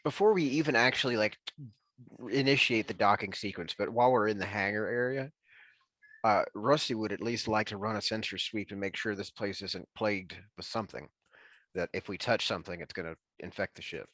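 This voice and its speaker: A man's voice: fairly low pitch, brisk, fairly bright tone, no room sound. A man playing a tabletop game, talking in a cautious, hedging, rambling way. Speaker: player. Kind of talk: tabletop role-play chat.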